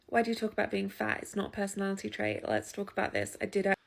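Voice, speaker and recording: A woman with a gravelly voice, talking earnestly to camera in a social media clip. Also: mid-range voice, sing-song, quick pace.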